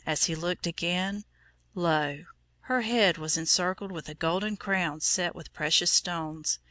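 A woman narrating a storybook in a measured, solemn way. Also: on the low side, sharp tone, no echo.

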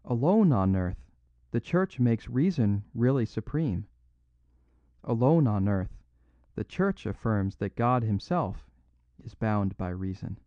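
A man reading the part of a small, mild older priest who reasons patiently and insists softly, on a dry, slightly dull recording. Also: lowish voice, very animated, takes it slowly, no echo. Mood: calmly reasoning.

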